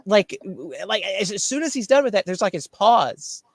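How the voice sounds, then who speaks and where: A man's voice: very animated, moderate pace, dry recording. A man telling a story in casual chat, ranting about a rival and mimicking him. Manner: ranting, mimics others in a higher voice. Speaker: shirt shop owner.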